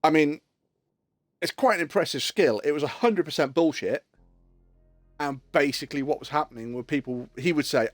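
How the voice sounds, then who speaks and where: A man's voice: mid-range voice, normal speed, no echo, soft background music. A man, chatting casually on a game live stream as a rambling storyteller who swears freely.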